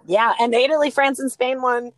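A middle-aged woman co-hosting a podcast, telling animated stories and laughing often in a casual chat. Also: high-pitched, brisk, dry recording. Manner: animated storytelling, laughs often, gives shout-outs. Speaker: podcast co-host.

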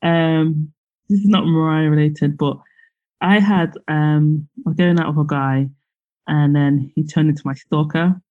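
A woman chatting casually on a podcast, laughing often and filling pauses. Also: deep voice, fairly even intonation, narrow, tinny audio. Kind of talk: casual chat.

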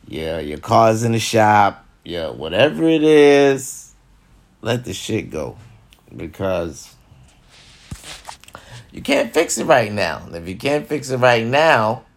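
A man giving advice in a comedic rant, repeating himself, preaching and swearing heavily. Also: fairly low pitch. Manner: repetitive, preachy and heavy with cursing. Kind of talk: profane comedic rant to camera.

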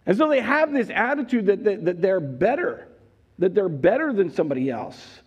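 A man preaching a sermon, animated and joking, acting out characters as he goes. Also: sits high, moderate pace, husky, dull audio. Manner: animated, acts out voices, jokes. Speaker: pastor.

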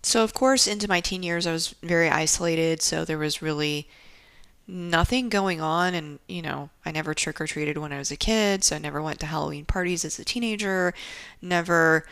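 Wry, candid woman with a low voice. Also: moderate pace, clean tone, dry recording. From Japan. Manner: candid, wry, lively storytelling with laughs and asides. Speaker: podcast host. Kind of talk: casual storytelling monologue.

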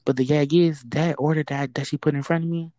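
A woman who works a fast-food drive-thru window, telling a work story in casual chat, acting out the quoted exchanges and swearing freely. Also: deep voice, fairly even intonation, dark tone, no echo, rough recording.

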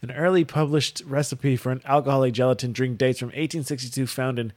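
A man's voice: mid-range voice, steady tone, fast, darkish tone. A man co-hosting a casual podcast, reading encyclopedia text aloud and riffing on it with lots of swearing. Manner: reads aloud then riffs with heavy swearing. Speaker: podcast co-host reading wiki entries.

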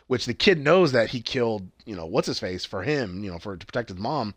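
A man talks loosely through the plot of an episode, full of swearing and restarts. He jumps up in pitch whenever he quotes a character. His voice sits at an ordinary pitch and sounds dry and close, with no room around it. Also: brisk, hardly any pauses, fairly bright tone, no room sound. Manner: rambling and profane, jumping up in pitch to quote characters. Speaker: friend retelling a TV episode. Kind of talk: casual chat.

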